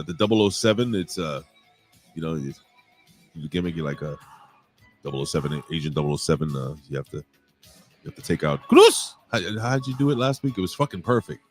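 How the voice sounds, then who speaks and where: Male podcast host, low voice, lively pitch, rambling, profane, joking. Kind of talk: casual live-stream chat.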